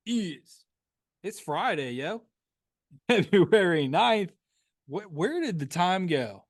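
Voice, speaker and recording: A young man co-hosting a casual sports podcast, loose and jokey, his voice swinging between loud and quiet. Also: high voice, very animated, slow pace, long pauses, no room sound, clean studio sound. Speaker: podcast co-host.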